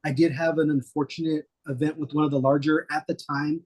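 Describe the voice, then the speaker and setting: A middle-aged man, a guest, telling stories in a relaxed, rambling way with many fillers. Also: a little high, a little fast, slightly rough. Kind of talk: casual storytelling interview.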